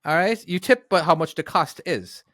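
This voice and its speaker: Relaxed guy co-hosting a trucking podcast, chatty, dry mic sound, lots of uhs and likes. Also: a little high, moderate pace, no echo. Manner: easygoing, chatty, full of fillers. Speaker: podcast co-host, truck driver. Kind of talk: casual podcast chat.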